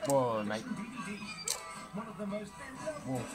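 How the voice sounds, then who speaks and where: A host talks slowly through a DVD opening at a middle pitch, tacking "mate" onto almost every remark. Trailer music plays clearly behind him. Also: very animated. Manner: slow, drawling, keeps saying "mate". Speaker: reaction video host. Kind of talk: casual running commentary on a DVD opening. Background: loud DVD trailer music.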